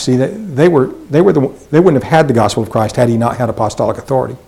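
A man of ordinary pitch leads a Bible study lesson. He reads scripture aloud, then talks it through casually, often pausing with fillers and restarting sentences. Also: animated, a little mellow, husky, poor audio. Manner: conversational, with frequent fillers and restarts. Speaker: Bible teacher.

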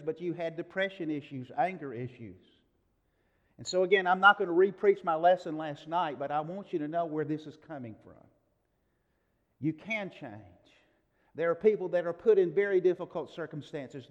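Middle-aged male preacher, fairly high voice, earnest storytelling sermon delivery, dull sound in a big echoing hall. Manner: earnest storytelling, with swings in loudness.

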